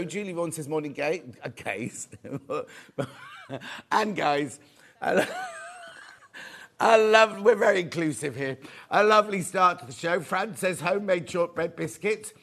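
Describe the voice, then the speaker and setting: A man's voice: fairly high pitch, fairly bright tone. A man presenting a live sewing shopping show, chatty and reading out viewer comments. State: out of breath. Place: TV studio.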